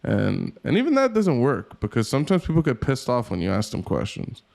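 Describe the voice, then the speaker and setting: A man's voice: medium pitch, wildly swooping pitch, fairly quick, creaky, darkish tone. A man in his thirties co-hosting a podcast, chatting casually, rambling and self-deprecating, swearing freely. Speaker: podcast co-host.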